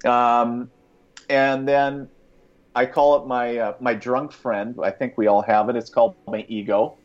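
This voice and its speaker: A man with a mid-pitched voice tells a personal story in a loose, rambling way, full of fillers and quick chuckles. The sound is dull and lo-fi. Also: flat delivery. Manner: rambling, many fillers and restarts, chuckles often. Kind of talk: casual spoken storytelling.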